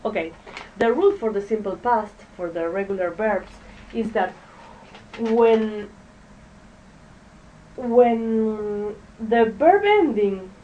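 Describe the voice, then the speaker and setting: A woman teaching an English pronunciation lesson to a classroom, speaking haltingly, drilling words and checking in with "okay?" as the class repeats after her. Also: medium pitch, lively intonation, dark tone, lo-fi sound. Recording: distant mic with faint background noise.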